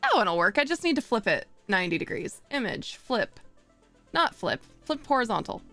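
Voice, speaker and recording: Bright, lively-voiced woman streamer. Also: on the high side, moderate pace, faint music behind. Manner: rambling, chatty, laughs often, thinks aloud while working. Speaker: VTuber streamer. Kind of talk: casual live-stream chat.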